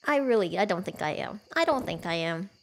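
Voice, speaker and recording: A woman's voice: medium pitch, lively intonation, fairly quick, slight background noise. A woman streaming a cozy farming game from home, chatting casually with her viewers, giggling often and poking fun at herself. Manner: chatty, giggly, self-deprecating.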